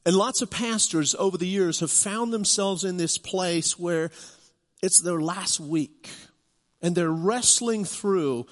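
A man's voice: high-pitched, moderate pace. A man preaching a sermon as pastor, earnest and building to emphatic questions. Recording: long hall reverb.

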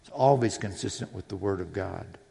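A man with a deep, dark voice and vocal fry preaches at a moderate pace in a church sanctuary. His sermon is earnest and personal, with scripture readings, and the recording carries long hall reverb.

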